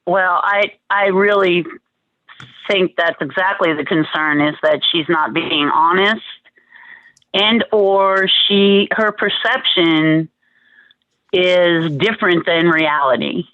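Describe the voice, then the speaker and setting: A woman witness giving sworn testimony in a remote hearing. She talks very slowly and carefully, with short measured answers. The audio is dry and dull, as over a video call. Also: on the low side, no echo. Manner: slow, careful, brief answers. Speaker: witness, visit supervisor.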